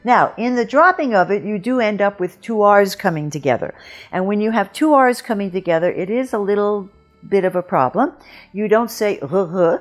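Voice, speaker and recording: A woman teaching French pronunciation in a patient, careful lesson, modeling each word slowly. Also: medium pitch, expressive, soft background music. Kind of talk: instructional lesson.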